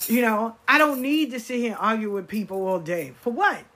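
A woman's voice: on the high side, expressive, fairly quick, pushed and bright. Emphatic woman talking casually to camera. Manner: emphatic, repeats phrases, quotes people in conversation. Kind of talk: casual monologue.

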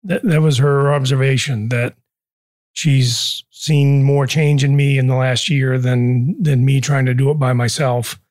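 An older man, a business owner guest in a casual interview, speaks haltingly with dry self-deprecating humor. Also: mid-range voice, flat delivery, a little mellow, dry recording.

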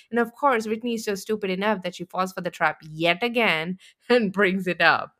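A woman's voice: medium pitch, moderate pace, fairly bright tone. A woman co-hosting a podcast, chatting about reality TV, laughing often and slipping into mocking impressions. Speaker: podcast co-host. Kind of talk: casual chat recapping reality TV.

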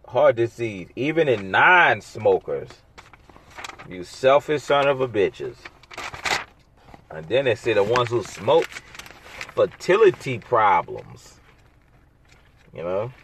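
Male solo podcast host, unhurried drawl, sarcastic and blunt, audible background noise. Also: lowish voice. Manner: rambling, sarcastic, blunt, with asides. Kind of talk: casual solo podcast monologue.

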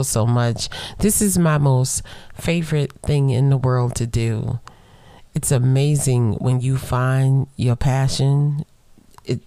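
A middle-aged woman hosting her own podcast, chatting playfully and straight to her listeners, slowing down to lean on the words she wants to stress. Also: rumbling low, mellow, dry recording. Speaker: podcast host. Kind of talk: casual solo podcast chat.

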